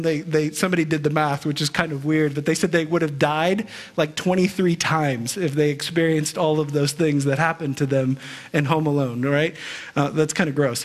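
A male pastor with a notably high voice delivers a sermon to his congregation. He speaks earnestly and conversationally, often restarting his phrases. He slows right down to press home key lines. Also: fairly bright tone.

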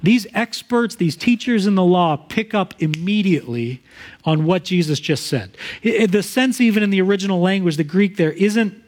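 High-voiced preaching man, earnest. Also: moderate pace. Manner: earnest teaching with lively hypothetical examples. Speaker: pastor. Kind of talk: sermon.

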